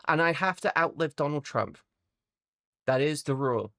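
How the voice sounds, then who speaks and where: A woman streamer chatting casually with her viewers from home, rambling, animated and sweary. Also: low voice, normal speed, long pauses, dry recording, clean studio sound. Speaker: VTuber streamer. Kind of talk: casual chat with live chat viewers.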